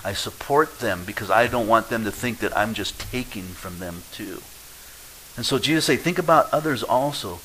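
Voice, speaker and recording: A man preaches a sermon in a lowish, bright, forceful voice. He acts out quoted people and swings from loud to hushed. A faint hiss sits under the recording. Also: normal speed, poor audio. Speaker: pastor.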